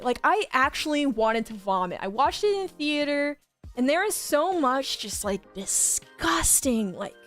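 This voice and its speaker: Chatty, gushing young woman streamer. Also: a little high. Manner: chatty and gushing, constant fillers, laughs often. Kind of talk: casual chat on a livestream.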